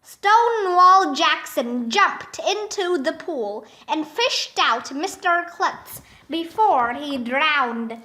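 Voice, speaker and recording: A woman reads a children's chapter book aloud at an unhurried pace. Her voice sits high and bright, and it leaps upward whenever a character shouts. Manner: jumps up in pitch for excited characters' shouts. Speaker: storybook reader.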